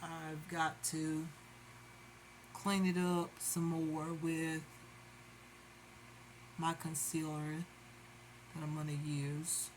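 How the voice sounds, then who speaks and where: A woman's voice: low voice, little pitch movement, very slow, pauses often, background noise. A woman chatting casually to viewers while doing her makeup. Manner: chatty, addresses viewers as y'all. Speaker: beauty vlogger. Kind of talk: casual makeup tutorial chat.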